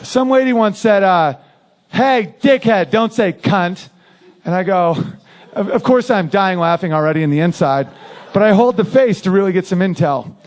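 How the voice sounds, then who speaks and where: A man's voice: sits high, expressive, fairly quick, darkish tone. A man doing a crude, brash stand-up routine who often laughs at his own lines. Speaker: stand-up comedian.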